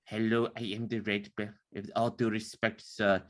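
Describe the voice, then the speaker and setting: A man putting on a German accent to voice a stiff, formal German fighter pilot in a solemn, quiet tone. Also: fairly low pitch, little pitch movement, normal speed, voice pushed down, natural voice.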